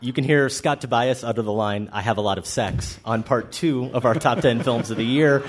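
A man's voice: mid-range voice, moderate pace, a little hiss or hum. A man co-hosting a film podcast live on stage, bantering in a playful, self-deprecating way. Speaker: podcast co-host. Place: live stage before an audience.

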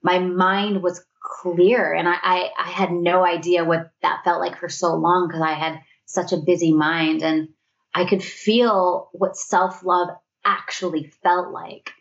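A woman's voice: lowish voice, little pitch movement, a little slow, gravelly. Earnest woman telling her story, muffled sound. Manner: earnest, reflective, often quotes her own thoughts. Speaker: guest. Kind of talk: candid storytelling in conversation.

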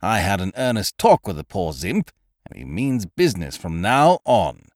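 A man's voice: low voice, huge pitch swings, normal speed, dry recording, pitched below the performer's own voice. A man voicing a boisterous, scheming young man, full of big plans, who talks in a hearty, breezy way. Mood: exuberant. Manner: hearty, breezy, calls people "old horse" and "laddie".

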